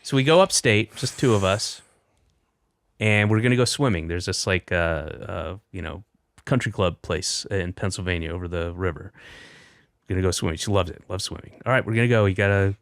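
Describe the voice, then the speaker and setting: A man's voice: deep voice, normal speed, no echo. A middle-aged man, a comedian, chatting casually and telling a rambling story with offhand swearing. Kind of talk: casual chat.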